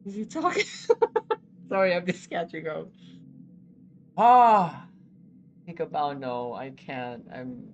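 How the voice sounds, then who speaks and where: A live streamer chatting with viewers, excitable, exclaiming and often laughing. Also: mid-range voice, measured pace, lo-fi sound, a little hiss or hum.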